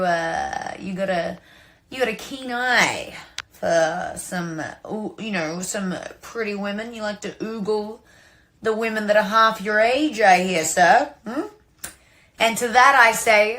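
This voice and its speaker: A woman's voice: mid-range voice, a little slow, bright, forceful tone. Australian woman, playful recorded message. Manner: playful and sincere, with many fillers and restarts. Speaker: wrestler sending a recorded message.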